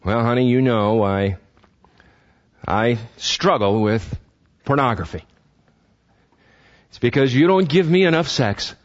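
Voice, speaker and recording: A preacher putting on a grown man whining excuses to his wife in a self-justifying way. The voice sits at an everyday middle pitch. The recording sounds muffled. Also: slow pace, pauses often, lightly acted. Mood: excuse-making.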